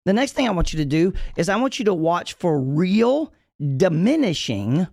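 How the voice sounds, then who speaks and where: Pastor guy preaching on his podcast, kinda high voice, gravelly, dry close sound, says y'all a lot. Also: dry recording. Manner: emphatic, repeats key lines slowly for emphasis; folksy, addresses listeners as y'all. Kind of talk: preaching-style podcast talk.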